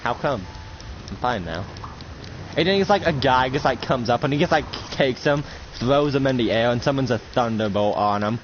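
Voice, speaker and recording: A man's voice: mid-range voice, animated, moderate pace, a little hiss or hum. A man narrating a casual role-play game as game master, rambling with lots of "like" fillers and some swearing. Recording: dull lo-fi with music behind.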